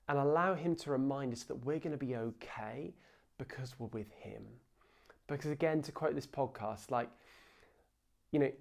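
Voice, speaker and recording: A man's voice: mid-range voice, vocal fry, a little mellow. A young man preaching an informal, earnest sermon, with fillers and asides. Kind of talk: conversational sermon.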